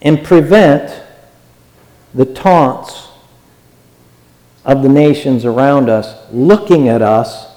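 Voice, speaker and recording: A man's voice: medium pitch, slow, pauses often, mellow. A man preaching a sermon, earnest and exhortative, and often repeating his phrases. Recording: long hall reverb.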